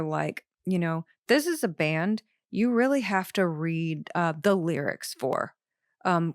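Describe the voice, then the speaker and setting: A female podcast host with a fairly low voice gives casual, enthusiastic commentary on an album, chatty and full of fillers. The studio sound is clean, with no echo.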